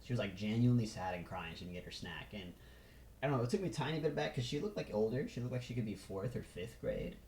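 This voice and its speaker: A man's voice: fairly low pitch, expressive, quick pace, a little mellow, echoey room, a little hiss or hum, rough recording. A man talking casually to camera in a loose, rambling way full of fillers, recorded on a phone. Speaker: vlogger.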